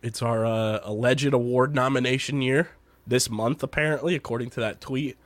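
A man's voice: mid-range voice, fairly even intonation, normal speed, no echo. A man hosting a casual podcast, tired and congested, chatting in a loose, rambling, upbeat way. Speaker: podcast host. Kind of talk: casual chat.

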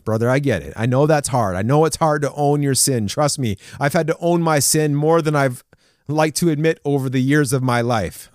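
A man's voice: fairly high pitch, no echo, studio quality. A young man preaching a casual sermon, acting out the scripture figures and laughing now and then. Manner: animated, acts out scripture figures, chuckles.

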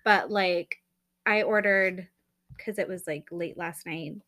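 A woman's voice: lowish voice, takes it slowly, a bit bright. A woman in her thirties co-hosting a casual chat podcast, rambling and chatty with lots of fillers. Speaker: podcast co-host.

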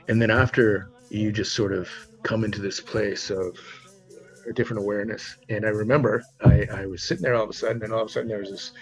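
A man's voice: on the low side, creaky, low-quality recording. A man being interviewed on a podcast, telling a long personal story in a rambling way with many restarts. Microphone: remote podcast mic.

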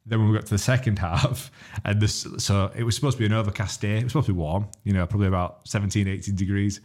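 A man's voice: on the low side, steady tone, darkish tone. A young man with a Yorkshire accent co-hosting a podcast, telling a story in casual chat, swearing and laughing as he goes. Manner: rapid, swearing, laughs while telling stories. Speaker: podcast co-host.

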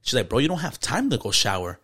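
A man's voice: medium pitch, big pitch swings, fast, a bit bright, husky. A young man, telling a story in casual podcast chat, slangy and profane, dropping in Spanish words. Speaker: podcast host.

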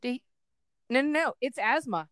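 Smooth-voiced woman telling stories animatedly. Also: high-pitched, moderate pace, dry recording. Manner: animated, does loud voices of family members in her stories. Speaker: podcast co-host. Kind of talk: casual storytelling chat.

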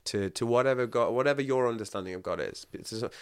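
A man chatting casually as a guest, telling stories in an animated way and often breaking into laughter. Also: mid-range voice, fast, smooth, dry recording, clean studio sound. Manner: animated, laughing, acts out quotes. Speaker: podcast guest. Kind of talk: casual storytelling chat.

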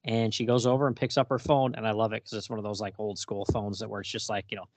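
Man retelling a comic, animated. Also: on the low side, fast talker. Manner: animated retelling, laughs often. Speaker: podcast co-host. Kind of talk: casual chat.

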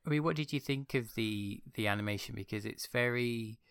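A man co-hosting a podcast, thoughtfully talking through his views at length. His voice is gravelly with fry, and it sounds dry and close. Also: mid-range voice, brisk, a bit bright, no room sound. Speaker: podcast co-host. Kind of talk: casual chat.

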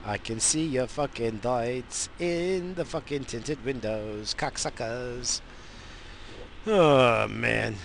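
A man's voice: mid-range voice, slow pace, vocal fry, a bit bright, slight background noise. A man from the United States hosting a show, ranting in a profane, rambling, fired-up way from inside a car. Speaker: radio show host. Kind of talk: profane casual rant.

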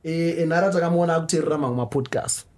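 A man with a Zimbabwean accent co-hosting a casual podcast, animated and laughing as he reads shout-outs. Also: on the high side, racing. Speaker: podcast co-host. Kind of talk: casual chat.

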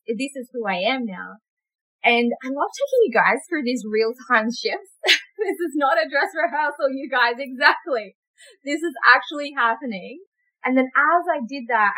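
Woman, podcast host, solo monologue, effusive, laughs often, bright voice. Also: a little high, rough recording. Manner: effusive, repetitive, laughs often, acts out quotes. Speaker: business coach podcast host.

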